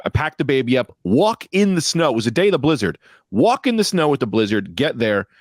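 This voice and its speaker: Brief: young male podcast co-host, lively swooping delivery, dry close mic, storyteller who plays every part. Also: medium pitch, brisk, dry recording. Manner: animated storyteller, acts out quoted people. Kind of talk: casual chat.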